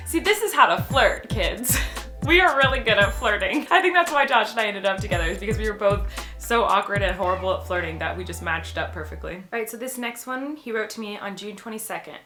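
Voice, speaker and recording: A young woman in her twenties talks casually to her viewers in a vlog. She is chatty and playful and pokes fun at herself. Clear music plays behind her voice. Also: medium pitch, lively intonation, fairly quick. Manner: chatty, playful and self-mocking. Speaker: vlogger. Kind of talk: casual vlog talk to camera.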